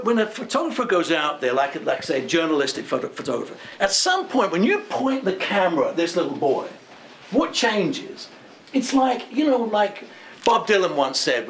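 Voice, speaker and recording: A man interviewing a guest, animated, with long rambling questions and frequent affirmations. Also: sits high, slight background noise. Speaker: interviewer, magazine host. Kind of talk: conversational interview. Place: museum room with audience. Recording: echoey room, faint ambience.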